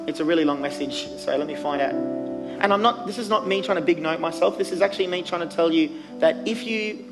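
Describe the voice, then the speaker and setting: A man's voice: on the high side, low-quality recording. A man preaching a sermon from a church stage as youth pastor, earnest and emphatic, with fillers between his points.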